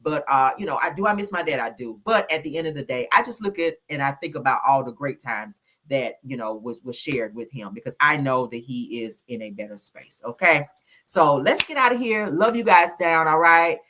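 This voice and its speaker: A woman hosts a gossip livestream in a sassy, laughing chat, calling her viewers honey and child. Her voice sits low but leaps up and down with lively swings. It has a bright, forceful edge. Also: moderate pace.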